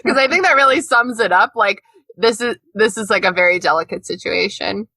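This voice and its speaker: A woman co-hosts a casual podcast chat, animated and prone to laughing and swearing. Her voice is bright and close to the mic in a dry room. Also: mid-range voice, fairly quick, no room sound. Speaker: podcast co-host.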